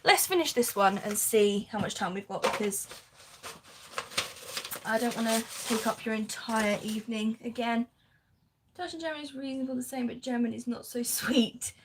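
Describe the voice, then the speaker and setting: A woman's voice: on the high side, moderate pace, long pauses, background noise. Chatty woman crafting live. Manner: chatty, laughs often, reads out viewer comments. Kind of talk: casual chat while crafting.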